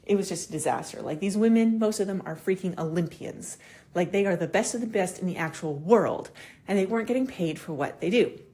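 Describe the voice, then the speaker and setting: A woman in her thirties talks through a casual solo podcast episode with an animated, unfiltered delivery, swearing freely and acting out the people she quotes. Her voice sits a little low for a woman. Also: a little fast. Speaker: podcast host.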